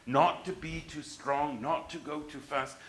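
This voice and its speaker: A man's voice: a little high, a little slow, echoey room, a little hiss or hum, rough recording. A man giving a university history lecture, emphatic and restarting his sentences as he explains.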